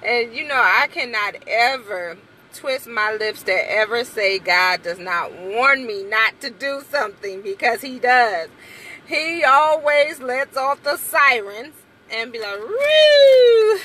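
A young adult woman vlogging from inside a car, chatting casually and playfully with her viewers, breaking into high exclamations. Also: takes it slowly, sharp tone, a little hiss or hum.

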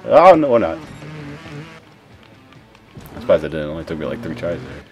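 A young man giving live gameplay commentary, excitable, swearing and yelping at crashes. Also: rumbling low, moderate pace, lo-fi sound, soft background music. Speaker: gaming commentator.

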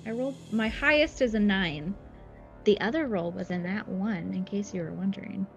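A woman playing a tabletop game, talking slowly and casually with her fellow players. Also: mid-range voice, creaky. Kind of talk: casual chat and in-character play. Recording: dull lo-fi sound with loud music.

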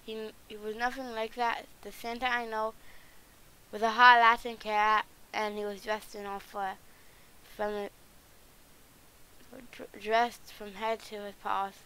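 A woman's voice: medium pitch, flat delivery, measured pace, long pauses, sharp tone, smooth, poor audio. A woman reading the lines of a suave swashbuckling male cat in a plain read-aloud way. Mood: boastful.

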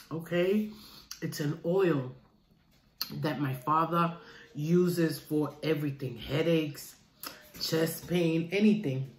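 A middle-aged woman chatting casually to her viewers while eating, calling them "guys" as she talks. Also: fairly low pitch. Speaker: mukbang vlogger. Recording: roomy room with faint noise.

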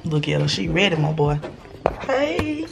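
Woman vlogger, voice worn hoarse, casual and cussing, pitch swinging up and down. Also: sing-song, a little slow, heavy background noise. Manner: loose, profane, laughs at herself. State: hoarse, voice mostly gone. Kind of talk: casual vlog chat. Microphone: handheld camera. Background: hip hop music playing.

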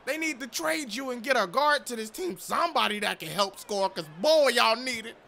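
Casting: high-voiced young gamer, gravelly, hyped trash-talk commentary. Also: male voice, expressive, normal speed, pushed and bright. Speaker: gaming YouTuber. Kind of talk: gameplay commentary. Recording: game music behind.

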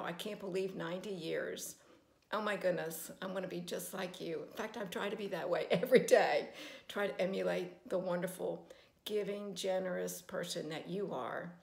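Heartfelt creaky woman in an echoey room. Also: lowish voice, normal speed. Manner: heartfelt, emotional. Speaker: close friend giving birthday wishes. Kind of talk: recorded birthday message.

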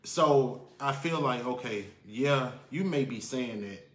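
A man, a guest on a casual live-stream chat, laying out his opinions in a measured, down-to-earth way. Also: medium pitch, animated, fairly bright tone. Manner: measured, explains his view with everyday examples. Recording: echoey room.

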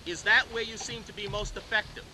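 A man, a pitching coach, lecturing young players at a camp, checking in with "okay?" and calling them "guys". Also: fairly even intonation, a little fast. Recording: loud hiss on an old 1980s lecture tape.

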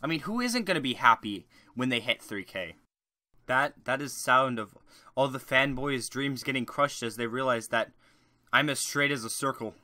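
A man's voice: mid-range voice, expressive, normal speed, no echo. A young man doing a crude, rambling joke Q&A as a YouTuber, swinging from ranting to mumbling. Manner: crude, rambling, shifts between shouting rants and mumbling. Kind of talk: joke Q&A monologue.

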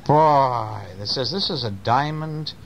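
A man's voice: medium pitch, a little slow, creaky, slight background noise, rough recording. A man reading bedtime stories aloud to his child at home, playful and chatty, stopping to talk with the child. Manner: playful, animated, talks to the child.

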